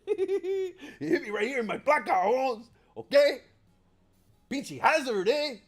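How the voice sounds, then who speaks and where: A man's voice: medium pitch, steady tone, moderate pace, a little mellow, clean tone, voice pushed down, close to an everyday voice. A man putting on the voice of a cocky young male street tough, slangy and laughing through his lines. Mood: swaggering.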